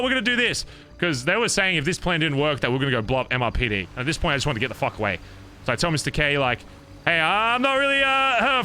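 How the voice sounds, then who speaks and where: Young male roleplay streamer, forceful and bright tone, animated and profane, telling a long story in character. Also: fairly high pitch, slight background noise. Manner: animated, profane, rambling recounting. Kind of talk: in-character storytelling to other players.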